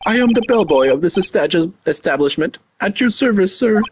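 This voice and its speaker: A man's voice: sits high, lively intonation, normal speed, a little hiss or hum, pitched above the performer's own voice. A man doing a fussy, formal young bellboy. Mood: polite. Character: overly polite young male hotel bellboy. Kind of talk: voice acting a game playthrough.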